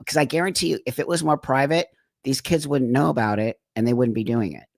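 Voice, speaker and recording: A man's voice: mid-range voice, vocal fry, dry recording, studio quality. A man hosting a live stream, talking emphatically and indignantly and backing up his guest. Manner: emphatic, indignant, quick to agree. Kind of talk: casual live stream chat.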